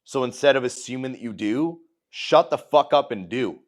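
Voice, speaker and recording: A man's voice: mid-range voice, animated, moderate pace. A man co-hosting a casual podcast, talking bluntly and swearing freely as he makes his points. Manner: blunt, profane, emphatic. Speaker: podcast co-host.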